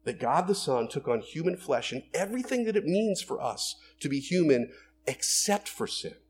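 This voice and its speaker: A man preaching a sermon in a conversational, animated way, asking rhetorical questions and acting out everyday quotes. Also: medium pitch, slightly rough. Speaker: pastor.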